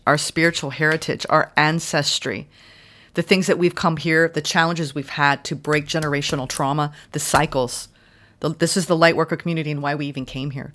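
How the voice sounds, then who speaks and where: Soft-spoken woman tarot reader. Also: sits low. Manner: soft, gentle, affirming. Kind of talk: spiritual tarot reading.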